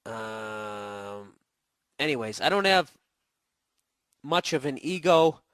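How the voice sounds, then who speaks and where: A man's voice: medium pitch, animated, takes it slowly, a bit bright, no echo, studio quality. A man getting over a cold, ranting casually and profanely as a podcast host, blunt and sarcastic. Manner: blunt, swearing, sarcastic asides. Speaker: podcast host answering a listener email. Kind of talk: casual profane comedic rant.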